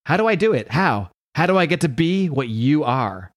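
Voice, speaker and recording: A man's voice: fairly high pitch, big pitch swings, normal speed. A man voicing a determined young female reporter who presses with questions. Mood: pressing.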